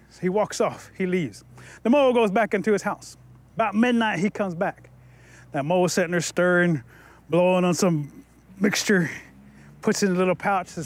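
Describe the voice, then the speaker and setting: A man telling a traditional folktale aloud, lively, with playful asides to listeners. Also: sits high, fast. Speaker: storyteller. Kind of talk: oral storytelling.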